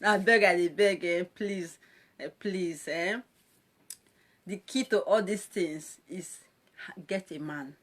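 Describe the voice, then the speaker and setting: A woman's voice: fairly low pitch, slow. A woman with a Nigerian accent, a social media presenter ranting on a live video, mocking and scolding her callers and laughing often between lines.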